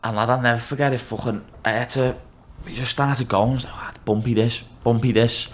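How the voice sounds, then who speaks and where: A man's voice: medium pitch, a little fast. Young scouse guy telling wild stories on a podcast, swears a lot, bit of hiss in the background. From Liverpool, England. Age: 20s. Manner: swears freely, tells rambling anecdotes, animated. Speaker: guest, mixed martial arts fighter. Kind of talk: casual podcast chat.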